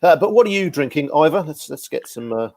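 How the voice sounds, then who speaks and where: A man's voice: a little high, lively intonation, a little fast, creaky, a little mellow, no echo. Chatty rambling male host. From Guernsey. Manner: chatty, rambling storyteller with self-deprecating asides. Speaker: podcast host. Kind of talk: casual video call chat.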